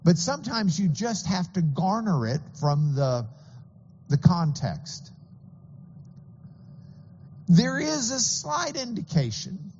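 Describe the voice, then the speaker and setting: Male pastor preaching earnestly, lively higher voice, dull hall recording with faint hum. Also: takes it slowly, pauses often. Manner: earnest, explanatory, some stammering restarts. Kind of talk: sermon.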